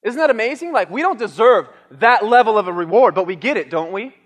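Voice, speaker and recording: A man preaching a sermon, lively and animated, dramatizing a Bible story with booming lines for the king. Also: brisk, big-room sound. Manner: animated, acts out the king's lines with shouts. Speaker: pastor.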